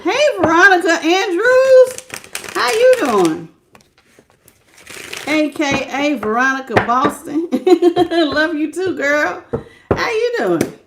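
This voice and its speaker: A woman with a high, bright-pitched voice hosts a live-stream tarot reading. She talks in a casual, folksy way, greets her viewers one by one by name, and laughs often between card pulls. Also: sing-song, slow, long pauses, noisy background. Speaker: tarot reader.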